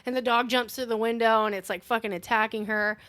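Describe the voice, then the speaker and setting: A woman's voice: fairly high pitch, fairly even intonation, fairly quick, fairly bright tone, no echo. A woman co-hosting a casual movie review, rambling through a plot recap with lots of swearing and fillers. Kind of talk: casual chat recapping a film.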